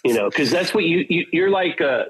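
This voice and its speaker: A man with a husky, slightly raspy voice that sits a bit high for a man. He tells long, profane, rambling stories in a casual chat and acts out the lines of the people in them. He is a metal singer from Portland, Oregon. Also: lively intonation, a little fast, poor audio. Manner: profane, rambling anecdotes with acted-out quotes. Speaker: guest, metal band singer.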